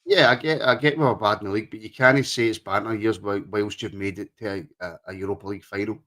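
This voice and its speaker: Casual podcast co-host: man, slightly low voice, chatty and quick to laugh. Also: pushed and bright. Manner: chatty, laughs often, reads out viewer comments. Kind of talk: casual chat.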